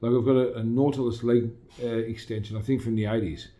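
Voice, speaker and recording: Guesting on a laid-back interview, this middle-aged Australian man who owns a gym is forceful and inspiring, frequently repeating things he's said before. He speaks fairly quickly in a steady, mellow, mid-range voice.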